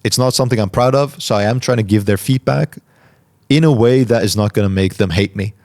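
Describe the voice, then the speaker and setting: A man hosting a podcast, answering listener questions in a calm, reflective way and articulating each word carefully. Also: fairly low pitch, brisk. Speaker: podcast host. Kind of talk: solo Q&A talk.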